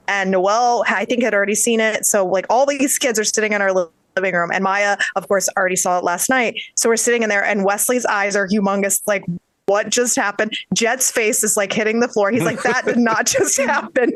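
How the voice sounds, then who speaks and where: A woman co-hosting a podcast, chatting casually about a movie and retelling scenes in an animated way, with plenty of "like" and the odd swear. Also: mid-range voice, dry recording. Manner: animated storytelling, swears, says "like" a lot. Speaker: podcast co-host.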